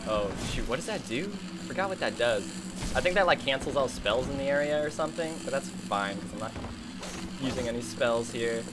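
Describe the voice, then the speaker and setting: A man giving excitable, chatty commentary while streaming a game. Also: mid-range voice, a little fast, heavy background noise. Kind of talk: casual gameplay commentary.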